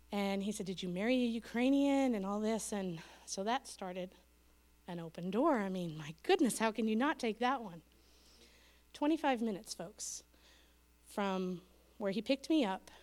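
A woman missionary giving an earnest church testimony, telling a story in a sanctuary. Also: medium pitch. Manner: earnest storytelling, quoting others, dropping to a hush at the end. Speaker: missionary speaker.

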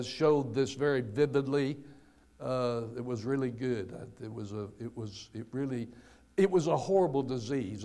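Un predicador mayor que cuenta historias bíblicas en un sermón, con tono campechano y enfático, repitiendo palabras y haciendo comentarios al margen. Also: male voice, mid-range voice, a little mellow. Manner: folksy and emphatic, with restarts and asides. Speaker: preacher. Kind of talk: storytelling sermon.

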